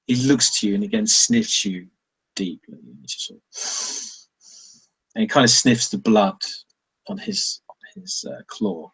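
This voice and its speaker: A man runs a tabletop game with a husky, breathy voice. His pitch moves a lot as he rambles and hesitates through the narration. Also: very animated, unhurried, fairly bright tone. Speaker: game master.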